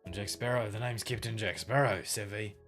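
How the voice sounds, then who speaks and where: A man's voice: on the low side, fairly quick, a bit bright, faint music behind. Jack Sparrow, as a man puts him on. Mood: swaggering. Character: swaggering drunken male pirate captain.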